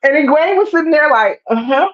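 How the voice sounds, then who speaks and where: Woman co-host, lively recap chat, acts out scenes in voices, a little lo-fi. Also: high-pitched, brisk. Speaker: show co-host.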